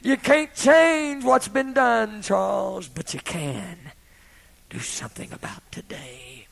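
A man preaching a sermon with dramatic swings between loud, impassioned peaks and hushed whispers. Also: sits high, slow, creaky, low-quality recording.

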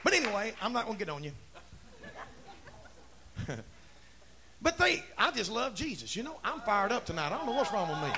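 A man preaching a fervent sermon who shouts in bursts and acts out dialogue. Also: sits high, very animated, normal speed, pauses often, a crowd in the background.

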